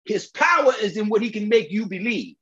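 A male preacher drives home his sermon in a fairly high, animated voice that leaps around in pitch. He talks in an everyday way, emphatic and full of questions to his listeners. The recording sounds dull and lo-fi. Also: brisk. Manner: emphatic, colloquial, rhetorical questions to the congregation.

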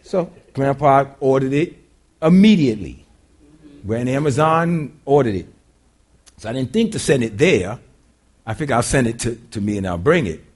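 An older man preaching a sermon in a church, telling a folksy story with animated delivery and frequent laughter. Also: mid-range voice, normal speed, long pauses, slightly rough.

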